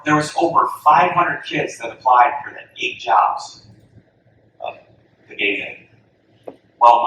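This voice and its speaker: A man giving a coaching talk to an audience, telling a lively story and acting out the voices of the people in it. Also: mid-range voice. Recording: echoey hall from far off, faint room noise.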